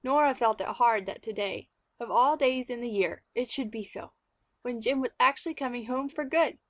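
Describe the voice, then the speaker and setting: A narrator with a fairly high female voice reads a classic story as scripted audiobook narration, clear and measured. The recording is close and dry, without any room sound.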